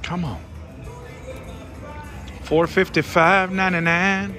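A man giving excited running commentary on a slot machine as he plays, talking to his viewers and pleading with the machine, on a casino floor. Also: high-pitched, slow. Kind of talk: casual live commentary while gambling. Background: casino music.

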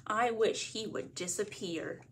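A woman from a library reading a picture book aloud as a bedtime story, in a gentle read-aloud manner. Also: mid-range voice, unhurried, slight background noise.

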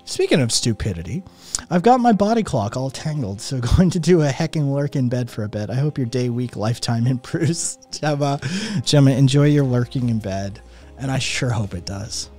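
A man's voice: medium pitch, animated, moderate pace, dark tone, faint music behind. A man who says he is sick and in pain, ranting with constant swearing while he reads and answers his chat. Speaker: streamer. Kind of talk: ranting live stream chat.

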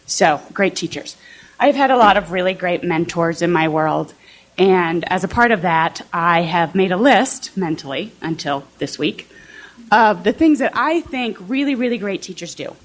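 A woman's voice: fairly low pitch, expressive, moderate pace. A woman professor from southern Illinois giving a conversational talk to fellow teachers, often checking in with the audience. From southern Illinois, USA. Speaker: political science professor.

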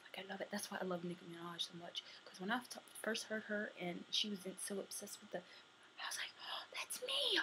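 A young woman chatting casually to camera, answering questions for a tag video, sometimes dropping to a soft murmur. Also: medium pitch, fairly even intonation, a little fast, slight background noise, low-quality recording. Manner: chatty, drifting between soft murmurs and bright bursts.

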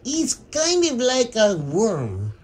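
A woman putting on a self-important Russian guy with a put-on Russian accent. The voice drops lower and moves a lot as she rambles. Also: huge pitch swings, slow, a little mellow, full character voice. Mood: rambling. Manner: rambling, leans on "yes?" and "kind of like".

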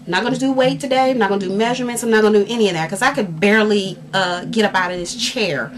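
A woman's voice: mid-range voice, rapid-fire. A sore, frustrated woman vlogging at home, talking candidly and animatedly in a casual rant to the camera, full of fillers and restarts. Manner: animated, exasperated, candid with fillers and self-interruptions. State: sore and frustrated after a workout. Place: at home, indoors.

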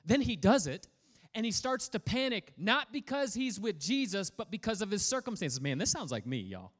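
Male pastor, energetic and playful sermon delivery, high voice with a wide, bouncing pitch. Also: normal speed. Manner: energetic, playful, prods the audience for feedback.

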